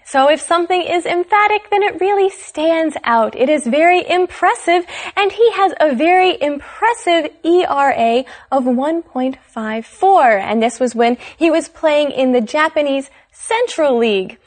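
A high-pitched woman co-hosting a scripted English lesson. She explains each word slowly and carefully, spelling out meanings for learners. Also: lively intonation. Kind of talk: scripted language lesson chat.

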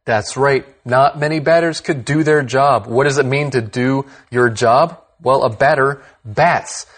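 A man's voice: mid-range voice, measured pace. A man co-hosting an English lesson, explaining phrases in an upbeat, plain-spoken way. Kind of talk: scripted language lesson chat.

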